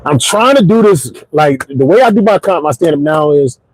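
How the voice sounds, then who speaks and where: A forties-aged comedian and podcast host riffs through a stand-up style monologue in his car while commuting home, his voice high for a man and his pace moderate. He tells jokes animatedly, hitting punchlines with sudden shouts. The sound is dry and close with no echo, though the recording is low quality.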